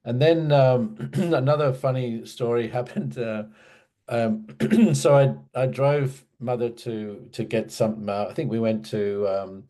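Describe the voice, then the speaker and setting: A man's voice: mid-range voice, measured pace, warm tone. A man in his sixties from Australia, a guest in an interview who reminisces in a meandering, restarting way. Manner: meandering storyteller, many restarts and asides.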